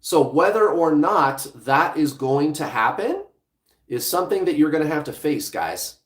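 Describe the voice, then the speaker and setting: A man's voice: on the high side, sing-song, normal speed, roomy sound. A man hosting a livestream as a relationship coach, speaking bluntly and casually, with some swearing, straight to his viewers.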